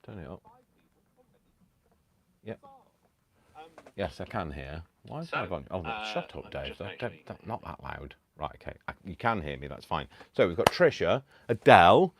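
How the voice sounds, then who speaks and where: Deep-voiced chatty man on a home live stream. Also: sing-song, fast talker, few pauses, a crowd in the background. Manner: chatty, self-mocking, rambling asides. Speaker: craft channel host. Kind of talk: casual live stream chat. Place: home, indoors.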